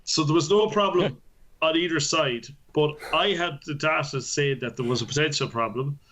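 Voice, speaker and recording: A man's voice: on the high side, normal speed, a little hiss or hum. Profane storytelling man, casual podcast chat. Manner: animated storytelling, profane, laughs often. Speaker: podcast co-host.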